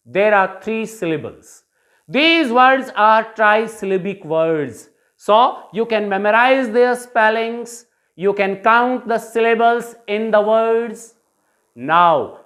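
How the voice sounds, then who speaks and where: A woman's voice: medium pitch, a bit bright. Indian woman teaching English pronunciation. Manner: drills words slowly, repeating them syllable by syllable. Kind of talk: classroom lesson, mixing Hindi and English.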